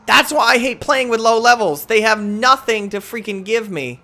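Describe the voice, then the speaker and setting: Speaking in a high voice at a moderate pace, a young gaming channel host calls the action live, swinging between mutters and yells as he trash-talks other players with excitement.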